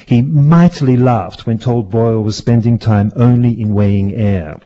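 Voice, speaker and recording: A man's voice: mid-range voice, moderate pace, mellow. A man presenting a radio segment, telling history in a jokey, rambling, self-mocking way. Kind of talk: playful casual chat. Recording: dull lo-fi radio recording.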